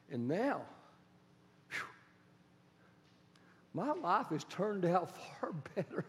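A man's voice: very high voice, a bit bright, in a large hall, slight background noise, exaggerated voice. A man voicing a humble, grateful king who pleads earnestly, as part of a sermon. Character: humble, grateful male king looking back on life. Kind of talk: acted quotation in a sermon.

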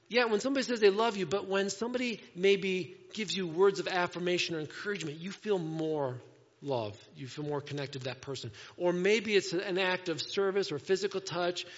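A man preaching a sermon in a conversational way, moving between playful asides and hushed, earnest moments. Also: high voice, in a large hall, lo-fi sound. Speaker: pastor. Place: church sanctuary.

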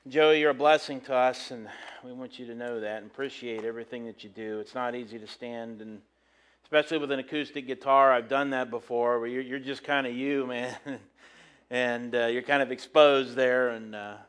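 A man's voice: mid-range voice, steady tone, normal speed, a bit bright, clean tone. A middle-aged man, a pastor, telling a rambling story from the pulpit with many fillers and restarts. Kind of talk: casual sermon storytelling.

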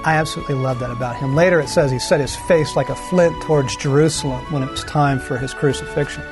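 A male pastor giving a sermon in a conversational way, full of asides and tag questions, slowing down for emphasis and then speeding up. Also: medium pitch, fairly even intonation, over music. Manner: shifts between slow emphasis and quick runs.

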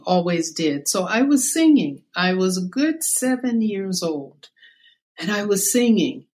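Slow-spoken older woman telling her story. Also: lowish voice, a little mellow. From South Carolina, US. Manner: slow, reflective storytelling with quoted voices. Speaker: interview guest. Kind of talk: personal storytelling in conversation.

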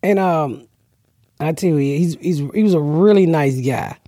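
A brash, middle-aged woman spins comic stories on a podcast, loud and profane, breaking into laughter as she goes. Her voice sits close and dry with no room sound. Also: low voice, a little slow, dry recording. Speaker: podcast host, comedian. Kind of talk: casual comedic storytelling.

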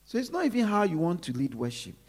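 A preacher delivering a sermon who repeats phrases and drops to low murmurs between emphatic lines. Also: big pitch swings, fast talker, a little mellow.

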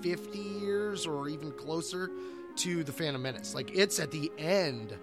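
A man's voice: fairly high pitch, a little slow, over loud music. A middle-aged man co-hosting a podcast, talking casually about books and often restarting his sentences. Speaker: podcast co-host. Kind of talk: casual book discussion.

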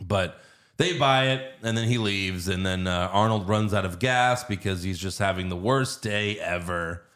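A man casually retelling a movie plot, animated and quick to laugh. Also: low voice. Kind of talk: casual movie recap chat.

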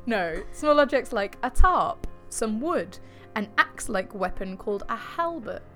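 A woman's voice: fairly high pitch, big pitch swings, unhurried, fairly bright tone, soft background music. A woman co-hosting a podcast, telling a creepy story in a jokey, giggly way and swearing casually. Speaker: podcast co-host.

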